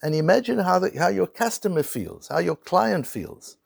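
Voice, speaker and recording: A man's voice: sits high, normal speed, gravelly, breathy edge, no echo, clean studio sound. A man teaching a Torah lecture, talking through points with rhetorical questions and small acted-out scenes. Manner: animated, rhetorical questions, acts out little scenes.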